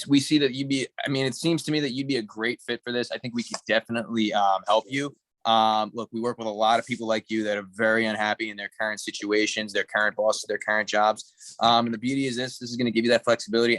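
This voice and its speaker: A man's voice: on the low side, level tone, fast, fairly bright tone, no echo. A man practicing a sales call in a role-play, asking probing questions with lots of hesitant fillers.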